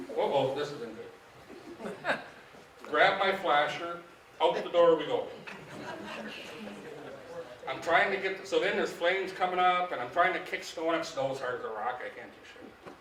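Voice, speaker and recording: Middle-aged fishing guide, folksy and animated storyteller, distant mic in a boomy hall. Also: male voice, normal speed, crowd noise. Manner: folksy, animated, acts out quoted dialogue. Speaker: fishing guide giving a club talk. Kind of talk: casual storytelling to a club audience. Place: meeting hall. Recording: echoey room, distant mic.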